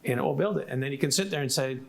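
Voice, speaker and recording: Animated storytelling male moderator. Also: mid-range voice, racing, gravelly. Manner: animated storyteller who acts out what others said. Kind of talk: casual panel discussion.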